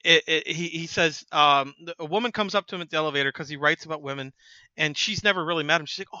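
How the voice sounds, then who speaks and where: A man with a high, very lively voice delivers an opinion commentary in an emphatic, preachy way, often stumbling and restarting. His tone is sharp and bright, the sound close and dry. The recording is slightly dull and lo-fi. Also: rapid-fire, no room sound. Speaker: host.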